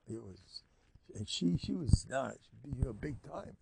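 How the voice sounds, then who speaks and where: An older man, a rabbi giving a Torah class, retelling a story in an animated, colloquial way with Hebrew and Yiddish terms mixed in. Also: medium pitch, unhurried, creaky, a little hiss or hum.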